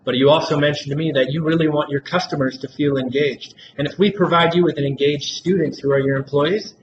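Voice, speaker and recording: A man giving a rehearsed, persuasive sales pitch in a role-play and often addressing the listener by name. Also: fairly even intonation, a little fast. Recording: dull lo-fi recording with clear background noise.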